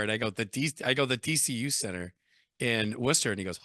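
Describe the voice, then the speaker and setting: Male guest in his forties, animated storyteller, low and bright, dry close sound. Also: a little fast, dry recording. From United States. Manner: animated storyteller, acts out both sides of phone calls. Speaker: guest, credit union CEO and former rock singer. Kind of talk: casual interview storytelling.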